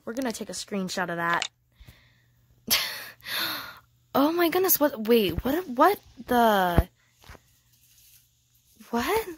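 A woman giving casual, excitable gameplay commentary, gushing and giggly as she thinks aloud. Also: a little high, takes it slowly, long pauses, slight background noise. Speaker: gaming channel host.

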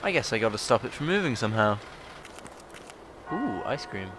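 A man's voice: mid-range voice, sing-song, moderate pace, pauses often, noisy background. A man chatting playfully while playing a game, reading characters aloud in put-on voices.

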